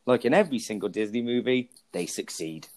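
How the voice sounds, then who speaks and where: A man's voice: medium pitch, expressive, a little fast, a little mellow. A man co-hosting a podcast, joking crudely and rambling through film plots. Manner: cheeky, crude jokes, rambling storytelling. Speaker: podcast co-host. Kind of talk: casual banter about films.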